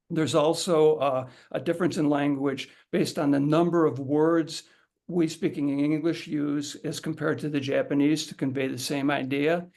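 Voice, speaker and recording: A man's voice: fairly high pitch, darkish tone. A middle-aged man teaching a haiku workshop in a casual, conversational way, often repeating words and restarting sentences as he demonstrates aloud. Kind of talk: casual instructional talk to an audience.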